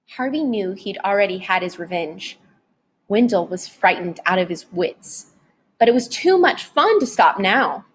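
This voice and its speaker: A woman narrating a novel chapter aloud in a dramatic, expressive audiobook reading. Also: medium pitch, measured pace, husky. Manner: dramatic, varied storytelling delivery.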